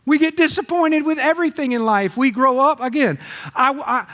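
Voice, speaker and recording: A man's voice: extremely high pitch, normal speed. A middle-aged man preaching a sermon, telling stories with comic voices. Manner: animated storytelling with comic voices. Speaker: pastor. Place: church auditorium. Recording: long hall reverb.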